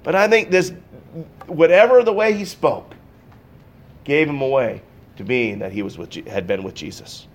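A male pastor preaching a sermon to a church congregation, swinging between loud, emphatic bursts and quiet, intense passages. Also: mid-range voice, normal speed, pauses often. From Pacific Northwest. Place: church sanctuary.

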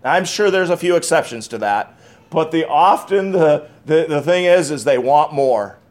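A man's voice: on the high side, animated, normal speed. A man preaching a sermon, emphatic and repeating key phrases, with conversational asides between scripture readings. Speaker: pastor.

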